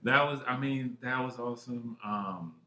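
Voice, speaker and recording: A man co-hosting a podcast, chatting excitedly with lots of swearing, jumping from one thought to the next. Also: mid-range voice, measured pace. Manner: excitable, heavy swearing, jumps between thoughts. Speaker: podcast co-host. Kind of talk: casual chat. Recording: roomy echo.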